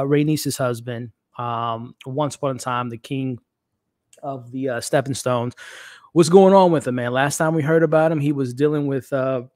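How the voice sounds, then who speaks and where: Male streamer host, mid-pitched, loose chatty delivery aimed at the chat, dry room. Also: a little mellow, no room sound. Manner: chatty, addresses chat directly, frequent fillers. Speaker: YouTube show host. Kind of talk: casual live-stream chat.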